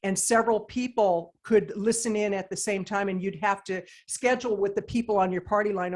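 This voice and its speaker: A woman, a podcast guest talking in long, animated run-on sentences. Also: medium pitch, normal speed. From United States. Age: 60s. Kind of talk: casual chat.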